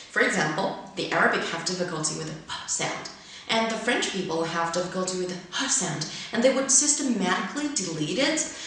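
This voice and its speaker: Woman teaching english pronunciation, chinese is her first language, reads words out slow and careful, big echoey room. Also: medium pitch, a bit bright. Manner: reads word pairs slowly and carefully. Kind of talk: explanatory lesson.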